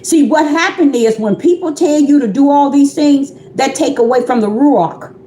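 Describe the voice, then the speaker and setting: This woman, calling herself a prophetess, delivers a conversational, repetitive livestream sermon addressed straight to her audience. Her high voice is warm and moderately paced, the sound is roomy, and there's a little hiss or hum.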